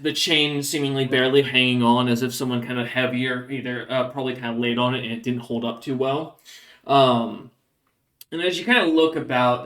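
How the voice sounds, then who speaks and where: A man's voice: medium pitch, a bit bright. A man narrating as game master of a tabletop game, rambling and hedging with fillers as he describes the scene.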